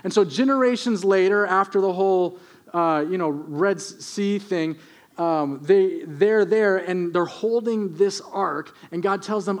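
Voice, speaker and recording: A middle-aged male pastor with a high, light voice delivers a storytelling sermon. He mixes humor into his retelling and keeps an animated, conversational manner. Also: a little slow.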